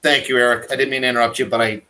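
A man's voice: mid-range voice, flat delivery, rapid-fire, pushed and bright, slight background noise, rough recording. Impassioned Canadian man ranting on a call. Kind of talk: casual podcast chat over video call. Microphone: video call mic.

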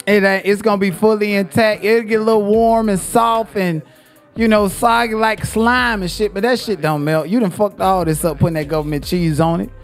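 A sassy, profane man with a high voice and roasts a cooking clip with mocking jokes. Faint music sits underneath his talk. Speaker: commentary host reacting to a cooking video. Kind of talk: crude comedic roast commentary.

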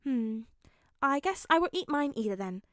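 A woman voicing a gentle, coaxing young man. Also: sits high, big pitch swings, normal speed, no room sound, studio quality, voice pushed up. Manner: soft, coaxing, patient. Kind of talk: fanfic audiobook reading.

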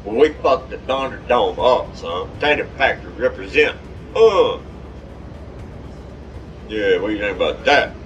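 Excitable, cussing gamer man. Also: fairly low pitch, measured pace, long pauses, recorded from a distance, lo-fi sound, faint music behind. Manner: excitable, profane, trash-talking. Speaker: gameplay commentator. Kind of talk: live gameplay commentary.

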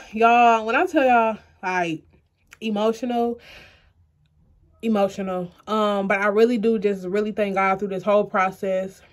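A woman's voice: mid-range voice, measured pace. A young woman vlogging to camera, earnest and close to tears, talking straight to her viewers. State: close to tears, eyes puffy. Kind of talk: emotional personal vlog to camera.

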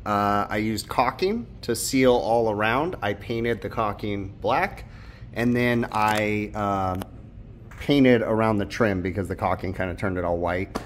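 Low-ish guy talking through his hvac project, easygoing, lots of um and uh. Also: measured pace, a little hiss or hum. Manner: relaxed, explanatory, many fillers like um and uh. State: out of breath. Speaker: HVAC technician and channel host. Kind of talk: casual DIY vlog narration.

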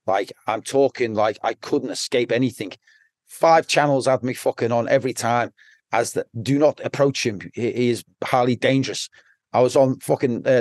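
A man's voice: mid-range voice, a little mellow, dry recording, studio quality. Blunt, swearing Liverpool man telling stories. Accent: Liverpool (Scouse). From Liverpool, England. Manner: blunt, rambling, swears constantly. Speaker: podcast guest. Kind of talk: casual storytelling.

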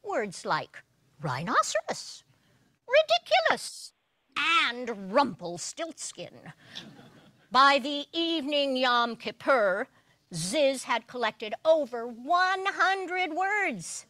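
A woman reads a children's story aloud at a worship service, animated and expressive. Her voice is high and bright, with a very slow pace, and the sound is dry and close. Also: no echo.

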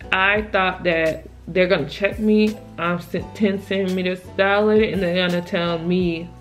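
A woman's voice: on the low side, steady tone, measured pace, faint music behind. A young woman vlogger telling her own story in a casual, emphatic and exasperated way, often dropping "child" as an aside.

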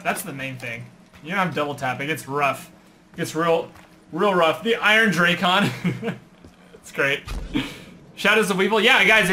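A young man giving excitable live commentary on gameplay and chatting with viewers. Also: high-pitched, slight background noise. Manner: excitable, chatty, reads viewer messages aloud. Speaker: gaming streamer.

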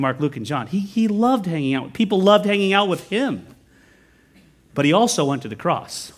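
A middle-aged American man preaching a sermon as pastor, conversational and animated, telling stories with quick asides. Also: on the high side. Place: church sanctuary.

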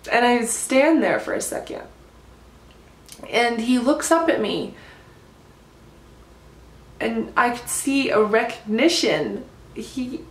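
A woman's voice: a little high, reverberant. A woman vlogger telling a personal story to camera in a gushing, casual way, filling her talk with "like". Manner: gushing, heavy use of "like".

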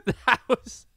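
A young man streaming a video game, commenting with profane jokes and sudden yelling bursts. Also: no echo. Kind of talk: gameplay commentary. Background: faint game music.

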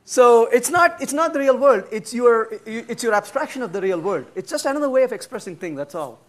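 A middle-aged man lecturing at a developer conference, blunt and animated, answering audience questions with humor. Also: extremely high pitch, brisk. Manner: acts out quoted dialogue in changed voices. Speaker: conference speaker. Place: conference room.

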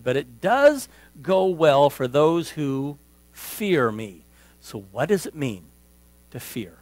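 A man preaching a sermon as pastor, emphatic on key words and trailing off softly at phrase ends, often restating himself as he teaches. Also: fairly high pitch, dry recording, poor audio. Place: church sanctuary. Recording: dry sound with mains hum.

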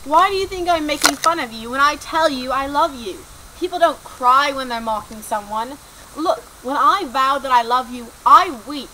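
A woman's voice: high-pitched, normal speed, sharp tone, slight background noise, poor audio. A woman playing a pleading, lovesick young male wizard. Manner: pleading, dramatic declarations.

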